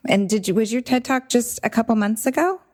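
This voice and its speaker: A woman's voice: on the high side, expressive, brisk. A woman hosting a podcast interview who asks questions and backs her guest up with short affirmations. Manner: warm affirming listener, frequent mm-hmms. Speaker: podcast host. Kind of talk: casual interview.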